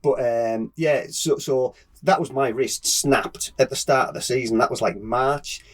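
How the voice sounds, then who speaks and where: A man's voice: medium pitch, measured pace. A middle-aged man from England, a guest on an interview podcast, telling stories in a chatty, laughing way with many yeahs. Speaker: guest racer. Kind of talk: casual interview chat.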